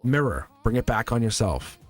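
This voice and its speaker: A man's voice: medium pitch, big pitch swings, normal speed, soft background music. A man hosting a live-stream tarot reading in a loose, rambling, encouraging way, often checking in with his viewers. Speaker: tarot reader and channel host.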